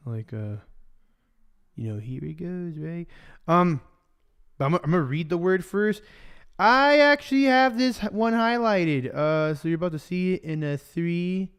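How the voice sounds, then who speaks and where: A man's voice: fairly high pitch, smooth. A young man preaching casually on a livestream, switching between English and Spanish and joking along the way. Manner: chatty, joking, loose with fillers.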